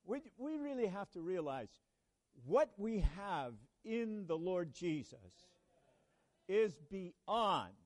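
A man preaching a sermon at a church conference in an earnest way, pausing and restarting, then rising to emphatic proclamations. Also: sits high, darkish tone. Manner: slow, earnest, with halting restarts and sudden emphatic rises.

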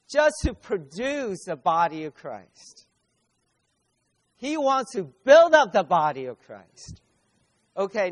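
A man preaching a sermon at a conference, speaking emphatically, repeating key phrases slowly and addressing the audience directly. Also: high voice.

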